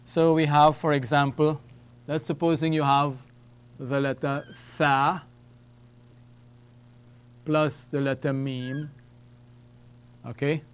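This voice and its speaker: Male language teacher, slow and deliberate, repeats words, checks in with "okay?" and "all right?". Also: a little high, little pitch movement, clear, resonant tone. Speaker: Arabic teacher. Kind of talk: classroom lesson at a whiteboard.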